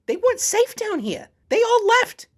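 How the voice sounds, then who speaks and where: A man's voice: very high voice, big pitch swings, normal speed, a bit bright, heavily acted. A man voicing a blunt, bossy older woman past menopause in an improvised comedy role-play. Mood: defensive. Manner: blunt, matter-of-fact, brassy.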